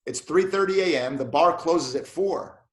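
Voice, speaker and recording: A man, a police officer and martial arts black belt, telling animated stories in a casual interview and acting out the dialogue. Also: a little high, moderate pace, echoey room.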